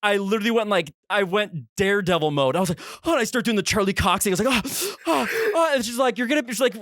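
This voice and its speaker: Fast, high-voiced young man telling a story. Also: no room sound, studio quality. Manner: animated, re-enacts his own reactions with big pitch jumps. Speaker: podcast co-host. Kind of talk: casual storytelling chat.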